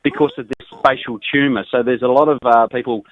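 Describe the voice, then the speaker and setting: A man's voice: medium pitch, fairly even intonation, fairly quick. Man, Australian accent, radio presenter, chatty and easygoing, phone-line sound, dry. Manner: chatty, laughs often, easygoing. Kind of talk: casual chat on a phone call.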